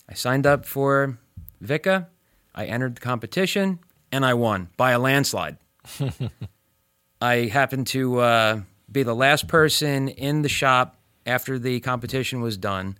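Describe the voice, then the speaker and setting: A man interviewed as a former student, telling stories with lively acted-out quotes. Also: medium pitch, a little slow, clear, resonant tone, no room sound, clean studio sound. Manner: animated, acts out quoted voices. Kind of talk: storytelling interview.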